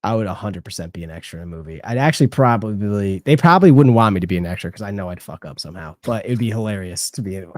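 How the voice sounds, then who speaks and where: A man's voice: fairly low pitch, animated, fast, hardly any pauses, no echo, clean studio sound. A young man co-hosting a live stream, chatting casually, rambling, laughing a lot and swearing offhand. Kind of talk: casual chat.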